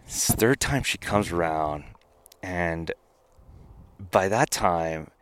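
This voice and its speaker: A man guesting on a podcast, telling a personal story in an animated way, with frequent stammers and restarts. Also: low-pitched, slow, a little hiss or hum. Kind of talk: casual storytelling.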